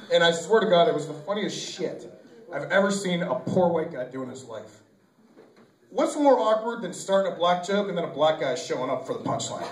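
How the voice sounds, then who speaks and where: A young man doing an amateur stand-up set in a small club, rambling and correcting himself, with lots of fillers, taped from far off while the audience laughs. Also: on the high side. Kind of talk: stand-up routine at an open mic. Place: small comedy club or bar. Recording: echoey room taped from far off on a camcorder.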